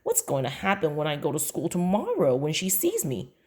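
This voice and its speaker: A woman's voice: low voice, huge pitch swings, fairly quick. A woman voicing an earnest, worried third-grade boy with eager, indignant outbursts in a children's book read aloud.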